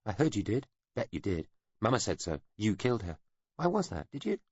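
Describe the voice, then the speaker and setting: Man reading as a jeering little kid, high and needling, lively pitch, dry muffled audiobook sound. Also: fairly quick, breathy edge, dry recording, full character voice. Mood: taunting. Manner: taunting, insistent. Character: spiteful taunting young child.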